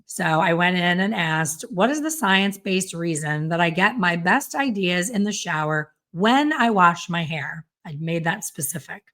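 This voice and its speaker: A middle-aged woman hairstylist hosting a casual solo podcast, chatty and self-deprecating with quick asides. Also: fairly low pitch, lively intonation, a bit bright. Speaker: podcast host and hairstylist educator.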